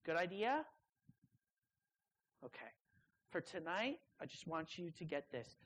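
A young adult woman preaching a sermon to students, leaning hard on key words with drawn-out pauses. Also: fairly low pitch, sing-song, low-quality recording.

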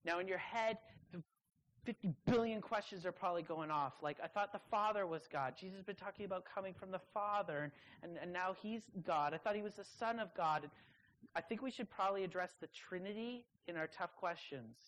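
A young adult woman preaching a sermon to students, leaning hard on key words with drawn-out pauses. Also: lowish voice, low-quality recording.

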